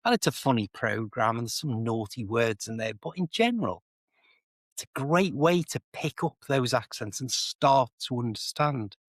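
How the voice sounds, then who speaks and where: A man with a Liverpool accent chats in an easy, rambling way, piling up everyday examples to explain a phrase. His voice sits at an ordinary middle pitch. The sound is close and dry, with no room echo. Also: very animated, moderate pace. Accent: Liverpool English. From England. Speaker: co-host, English teacher. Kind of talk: casual chat. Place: indoor home office.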